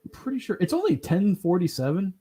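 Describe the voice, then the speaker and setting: Animated man swapping stories on a podcast. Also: sits high, brisk, breathy edge. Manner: animated storyteller who acts out quotes, laughs and swears often. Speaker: podcast host. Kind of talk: casual chat.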